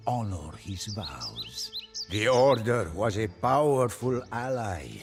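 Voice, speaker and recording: A man giving scripted, measured story narration for a game cutscene. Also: on the low side, big pitch swings, soft background music.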